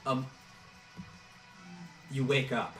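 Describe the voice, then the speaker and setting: A man narrating as game master of a tabletop game, halting, with many fillers and restarts. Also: medium pitch, fairly even intonation, fairly bright tone. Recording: roomy, distant mic, music behind.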